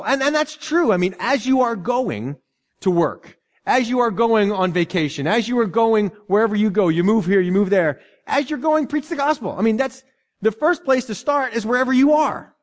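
A man preaching a sermon as pastor of a church, in a lively, conversational way, often restarting and repeating himself. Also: high voice, moderate pace, long reverb tail.

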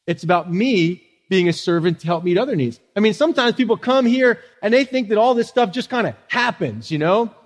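A pastor preaches a sermon in a church sanctuary, conversational in style and full of rhetorical questions for the congregation. His voice is high-pitched, animated and brisk, with hardly any pauses, and the recording has long church reverb.

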